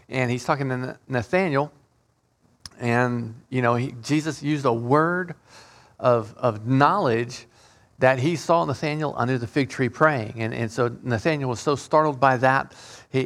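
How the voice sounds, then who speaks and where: A man teaches an informal Bible study in a mid-range voice. He reads scripture in old King James wording, then explains it in a halting way, often repeating words and restarting his sentences. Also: medium pitch, fairly bright tone.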